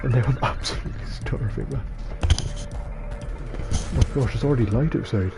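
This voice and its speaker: A man's voice: medium pitch, normal speed, over loud music. A young Scottish man of about nineteen, chatting casually while streaming a game, rambling and self-deprecating with a dopey voice. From Scotland. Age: young adult, about 19. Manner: rambling, self-deprecating, stumbling over words. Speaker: gaming streamer. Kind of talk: casual late-night gaming chat. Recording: noisy game audio behind.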